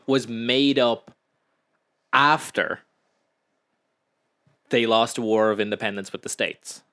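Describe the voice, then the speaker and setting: A man's voice: medium pitch, slow, a bit bright. A young Irish man co-hosting a casual podcast, telling stories at length and acting out quotes. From Ireland. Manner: chatty storyteller, acts out quotes in raised voices. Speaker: podcast co-host. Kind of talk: casual chat.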